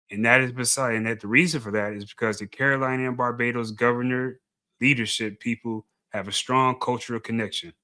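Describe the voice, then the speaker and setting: A man's voice: medium pitch, bright, forceful tone. A man giving blunt, dismissive commentary, often repeating himself as he argues. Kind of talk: opinionated commentary video.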